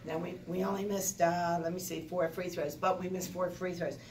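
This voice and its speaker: Animated older woman coach, echoey room. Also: fairly low pitch, moderate pace, slight background noise. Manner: animated, talkative, rambling with restarts. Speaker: basketball coach. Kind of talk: postgame press conference. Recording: echoey room, distant mic, faint ambience.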